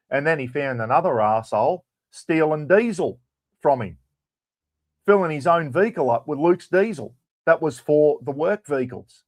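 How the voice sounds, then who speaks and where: A man's voice: fairly high pitch, no room sound. An Australian man hosting a livestream, telling stories in a blunt, casual rant and swearing freely. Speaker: livestream host. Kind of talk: casual ranting chat.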